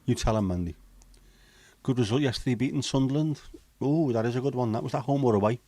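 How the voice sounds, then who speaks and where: A man's voice: medium pitch, fast talker, warm tone, no room sound. A middle-aged man hosting a casual livestream chat, reading out viewer comments and answering them bluntly, swearing freely. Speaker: livestream host.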